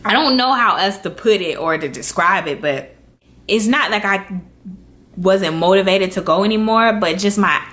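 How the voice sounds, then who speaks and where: A young adult woman vlogging to camera, telling a personal story with earnest, animated delivery and acted-out quotes. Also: medium pitch, moderate pace. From Florida.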